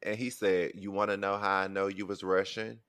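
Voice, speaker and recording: A man hosting a casual podcast, asking playful questions and telling funny stories in a relaxed way. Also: low-pitched, fairly quick, smooth. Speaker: podcast host. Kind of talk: casual chat.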